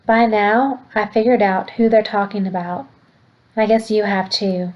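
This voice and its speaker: A woman's voice: medium pitch, steady tone, moderate pace, lo-fi sound. Woman reading a novel aloud. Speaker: teacher.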